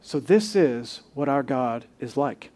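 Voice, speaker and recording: A man's voice: mid-range voice, lively intonation, slow pace, mellow. A male pastor preaching a sermon, building to emphatic rhetorical questions and reading scripture aloud.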